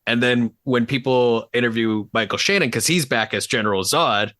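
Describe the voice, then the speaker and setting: This man co-hosts a podcast, chatting casually and enthusiastically about films, rambling with plenty of fillers. His mid-range voice is bright and forceful, his pace moderate, and there's no echo.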